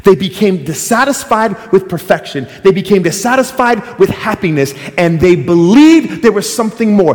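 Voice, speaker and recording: Lively male pastor, slightly high voice, long hall echo. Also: normal speed, hardly any pauses. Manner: animated, storytelling, with voices and asides. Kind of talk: sermon.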